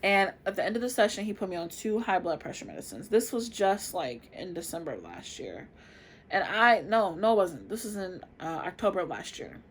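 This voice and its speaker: A woman in her twenties telling a personal story to camera in a chatty, expressive way, often calling out to viewers. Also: lowish voice, brisk, a little hiss or hum. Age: 20s. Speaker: vlogger.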